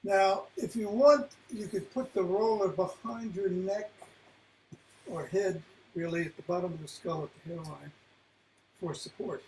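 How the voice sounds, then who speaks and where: Man, fitness instructor, unhurried cueing, slightly strained voice, faint room noise. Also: high voice, rough recording. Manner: calm, unhurried cueing of movements. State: losing his voice. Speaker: fitness class leader. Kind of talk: guided exercise instruction.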